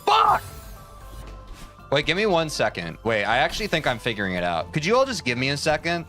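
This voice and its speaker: A man's voice: medium pitch, sing-song, fast, a bit bright, faint music behind. A man streaming a platform game, joking and rambling at his chat and mocking himself. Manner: jokey, rambling, self-mocking, talks to chat. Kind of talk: casual live-stream commentary while playing.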